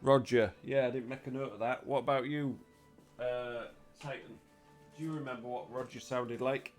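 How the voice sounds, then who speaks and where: A man's voice: medium pitch, steady tone, normal speed, faint music behind. A man with a northern English accent, narrating a tabletop game as game master in a chatty, self-deprecating way, close to the mic.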